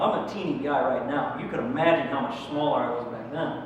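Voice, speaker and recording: A man's voice: mid-range voice, lively intonation, a little fast, hardly any pauses, lo-fi sound. A young man telling self-deprecating stand-up stories, acting out his own squeals and pleas. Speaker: stand-up comedian. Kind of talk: stand-up comedy. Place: small comedy club. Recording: echoey hall, distant mic, room noise.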